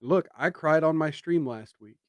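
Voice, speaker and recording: A man's voice: a little high, moderate pace, no echo. A man streaming political commentary, sarcastic and emphatic, with indignant rhetorical jabs.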